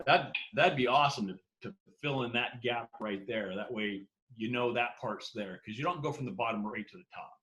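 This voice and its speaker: A man's voice: mid-range voice, moderate pace, hardly any pauses, pushed and bright, rough recording. A man with an ordinary mid-range voice joins a casual team video call. He talks earnestly and circles his point, checking in with "you know what I'm saying".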